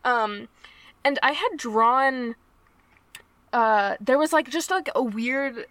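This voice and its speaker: A woman's voice: fairly high pitch, takes it slowly, a bit bright, no echo. A woman co-hosting a tabletop podcast, chatting casually with lots of ums and likes. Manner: rambling, many ums and likes. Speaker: podcast co-host and tabletop player. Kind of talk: casual chat.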